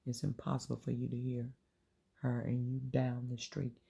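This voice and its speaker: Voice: mid-range voice, monotone, moderate pace, gravelly, mellow, slightly rough. A channel host giving an earnest, informal inspirational faith talk, repeating phrases and dropping into whispers to make a point.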